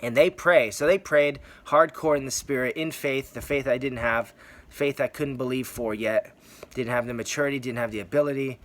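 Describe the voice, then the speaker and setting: A man's voice: mid-range voice, normal speed. Earnest man sharing a rambling testimony. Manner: earnest, rambling, repeats phrases for emphasis. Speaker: Christian testimony vlogger. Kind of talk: personal testimony.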